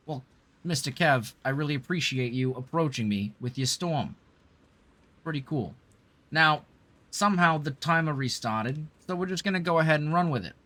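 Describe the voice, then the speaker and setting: A man's voice: a little high, lively intonation, moderate pace, pushed and bright. A man livestreaming a game, chatting with viewers and thanking them while putting on a celebrity impression accent. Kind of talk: casual livestream chat while gaming.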